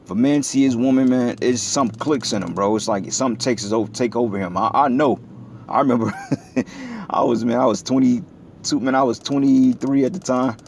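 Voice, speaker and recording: A man's voice: medium pitch, a little fast, darkish tone, a little hiss or hum. A man giving a preaching commentary, talking blunt and profane in a street style that gets heated. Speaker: religious video commentator.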